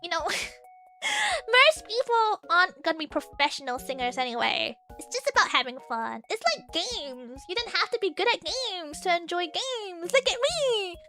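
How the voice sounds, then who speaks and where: A woman chatting casually with her live chat as a streamer host, giggly and excitable, laughing often as she talks. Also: extremely high pitch, moderate pace, soft background music.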